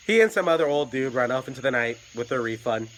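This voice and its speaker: A man's voice: mid-range voice, expressive, quick pace, a bit bright, slight background noise, rough recording. A man casually telling a story from his job at a hotel desk, in a wry, profane way with frequent stammers. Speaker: hotel night clerk telling stories.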